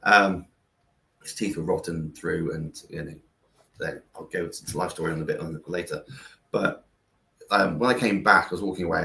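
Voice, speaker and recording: Gravelly low-voiced man, rambling. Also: fairly bright tone, roomy sound. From England. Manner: rambling with many fillers and restarts. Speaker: guest, founder of a kindness platform. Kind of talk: conversational interview, storytelling.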